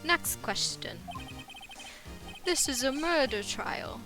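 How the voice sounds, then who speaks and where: A woman's voice: high-pitched, expressive, slow pace, music in the background, voice pushed up. Woman voicing a stern male judge, formal and questioning; game soundtrack behind.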